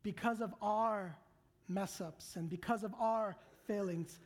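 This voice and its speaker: A woman preaching a sermon, talking straight to her congregation and swinging from loud, emphatic lines to hushed whispers. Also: mid-range voice, takes it slowly. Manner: earnest, direct address to the congregation.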